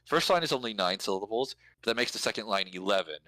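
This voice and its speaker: A man's voice: on the low side, lively intonation, quick pace, sharp tone, rough recording. A man in casual conversation, explaining points at length and thinking aloud with fillers as he goes. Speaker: lyric and language helper.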